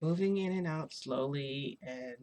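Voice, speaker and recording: A woman's voice: sits low, measured pace, mellow. A young adult woman telling a story as a casual vlogger. She rambles, hesitates and fills her speech with "like". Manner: rambling, filler-heavy, hesitant.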